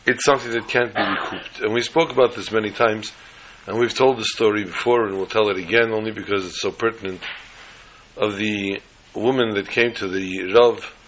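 A man giving a storytelling sermon as a religious teacher, animated and emphatic, piling up repeated phrases. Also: on the low side, normal speed, a little hiss or hum, rough recording.

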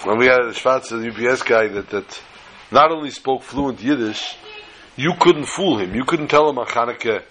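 A man's voice: medium pitch, moderate pace, fairly bright tone, poor audio. A man with a mid-range voice tells a folk story in an easygoing, conversational way. He wanders into side remarks and peppers his telling with Yiddish expressions. A faint hiss sits under the recording. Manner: chatty and digressive, with asides. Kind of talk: folksy storytelling with Yiddish phrases.

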